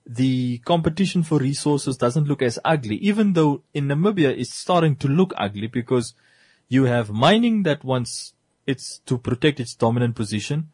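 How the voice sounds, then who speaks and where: A man co-hosting a casual discussion, talking in an animated, joking way full of rhetorical questions. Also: medium pitch, normal speed, slightly rough, dry recording.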